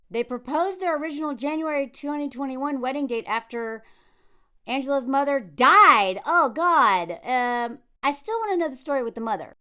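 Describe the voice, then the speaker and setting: A woman of around forty with a Southern US accent, giving animated, digressive commentary full of sarcastic asides. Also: high voice. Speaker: commentary vlogger. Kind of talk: ranting commentary.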